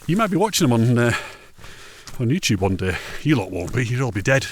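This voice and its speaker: A hiking vlogger walks along a mountain ridge outdoors, chatting casually and joking, with rambling asides. His medium-pitched voice moves briskly with big pitch swings, and there's a slight hiss or hum in the audio.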